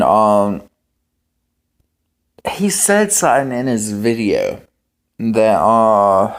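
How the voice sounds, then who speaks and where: A young man vlogging in a casual, rambling monologue, halting with many ums and restarts. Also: lowish voice. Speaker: homestead vlogger.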